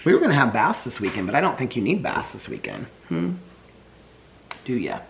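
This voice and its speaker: Man vlogging from home, cooing baby talk to his dogs, loose rambling asides, very animated voice. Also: mid-range voice, a little fast, gravelly, a little hiss or hum. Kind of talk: casual daily vlog. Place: home, indoors.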